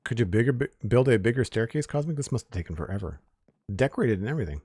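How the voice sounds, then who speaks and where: A husky, medium-pitched man talks fast as he live streams a game, relaxed and chatty, thanking followers, reading names from chat and commenting along the way.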